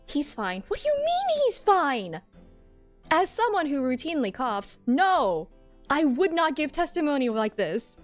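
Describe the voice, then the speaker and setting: A woman streamer chatting casually in giggly, chatty asides while she voices a game. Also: on the high side. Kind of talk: casual stream chat between read lines.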